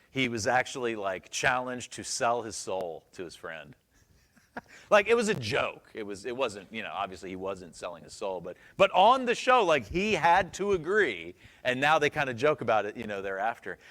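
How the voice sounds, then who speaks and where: A man's voice: on the low side, fairly bright tone. A man pastor preaching a sermon in a church, conversational and joking, asking the congregation questions.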